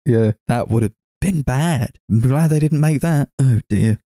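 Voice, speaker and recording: A man co-hosting a casual movie review chat, ranting, swearing and laughing, his voice jumping high when exasperated. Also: unhurried, mellow, no echo. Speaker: podcast co-host.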